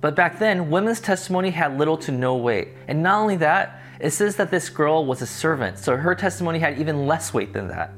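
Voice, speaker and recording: A man's voice: a little high, lively intonation, brisk, hardly any pauses, faint music behind. A man teaching a Bible study lesson, reading the passage and then explaining it in a conversational way. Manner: conversational, explains context in plain terms.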